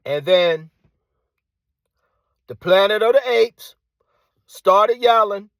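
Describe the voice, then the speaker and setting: Ranting man, rather high, dry sound. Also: expressive, slow, pauses often, no echo. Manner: combative, repeats phrases and rhetorical questions; drops to hushed tone at times. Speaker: commentator. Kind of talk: ranting monologue.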